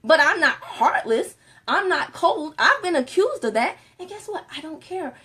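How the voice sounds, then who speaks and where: A woman giving a casual motivational talk on a live stream, animated and laughing often, moving between soft and loud. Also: extremely high pitch, moderate pace.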